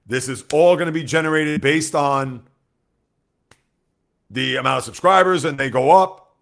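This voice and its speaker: Male sports livestream host, slightly high and gravelly, animated, chats with viewers and jumps from loud bursts to low asides. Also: measured pace. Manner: animated, swings from loud outbursts to quiet asides; talks straight to chat, reads out viewer comments. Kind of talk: casual livestream chat with viewers.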